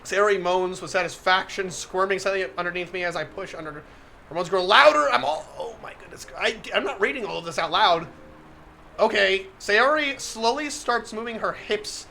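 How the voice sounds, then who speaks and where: A man's voice: sits high, normal speed, vocal fry, bright, forceful tone, slight background noise. A man on a live stream reading a visual novel aloud, getting flustered, laughing often and breaking off to comment to his chat.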